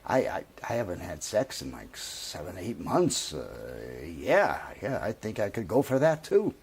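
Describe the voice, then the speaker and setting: A man's voice: on the low side, sing-song, measured pace, darkish tone, husky, full character voice. A man voicing a hesitant, stammering fellow who has been alone for months. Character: worn-out man on a long retreat.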